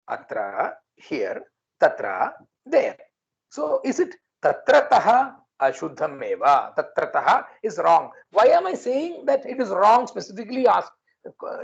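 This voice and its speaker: A man leads a class, patiently repeating each word for his students. His voice has a gravelly, creaky edge. The audio is dull and lo-fi. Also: sits high. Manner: patient, repeats and drills words. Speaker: language teacher. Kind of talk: online class lesson.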